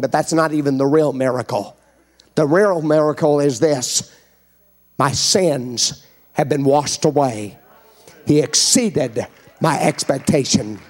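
A man preaches a fervent sermon in a church, calling out to the crowd for responses. His voice sits a little higher than usual for a man. He acts out the scripture scenes as he goes. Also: darkish tone. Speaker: evangelist preacher. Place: church before a congregation.

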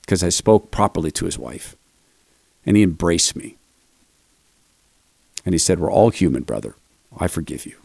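A man's voice: lowish voice, gravelly, dry recording, studio quality. An older man hosting a commentary show, telling a self-deprecating story between clips.

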